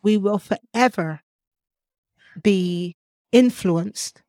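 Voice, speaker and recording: A woman co-hosting a faith podcast in casual chat, lively and often laughing, who breaks into animated asides. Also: medium pitch, drawn-out words, dry recording, studio quality. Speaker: podcast co-host.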